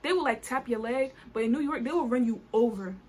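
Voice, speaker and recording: A woman from New Jersey telling a story time vlog in an animated, colloquial way, full of "I was like". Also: a little high, a little fast, husky. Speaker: vlogger.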